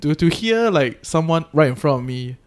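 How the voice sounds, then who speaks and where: A man with a Singaporean English accent hosting a casual podcast interview, chatty and quick to laugh. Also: a little high, expressive, clear, resonant tone. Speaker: podcast host.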